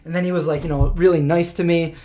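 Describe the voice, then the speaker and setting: A man's voice: on the high side, flat delivery, fast, mellow. Man telling rambling stories. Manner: rambling storyteller, restarts, acts out quotes. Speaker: host. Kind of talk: casual live-stream chat.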